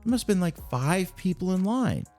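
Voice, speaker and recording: A man's voice: sits high, brisk, faint music behind. A man telling funny personal anecdotes as a podcast guest, acting out the voices of people in his stories. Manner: animated anecdote-telling with acted quotes. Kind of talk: casual storytelling.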